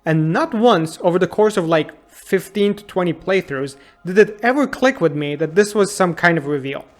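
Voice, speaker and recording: A man's voice: high voice, expressive, moderate pace. A man in his thirties narrating a comedic game retrospective in a sarcastic, incredulous and exasperated way. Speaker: YouTube game reviewer.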